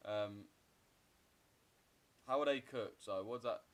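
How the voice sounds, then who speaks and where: A man's voice: mid-range voice, slow, a bit bright. Profane young Englishman chatting on stream. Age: 20s. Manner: loose, profane banter, answering viewers' chat. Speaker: trading streamer. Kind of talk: casual livestream chat while trading.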